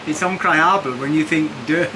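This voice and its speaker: A man's voice: fairly high pitch, steady tone, fairly quick. A man hosting a walking tour, chatting in a wry, self-mocking way while walking outdoors with a handheld camera. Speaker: vlogger, tour host. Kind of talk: casual walking-tour narration and chat. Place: outdoors in a seaside village street. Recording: outdoor street noise.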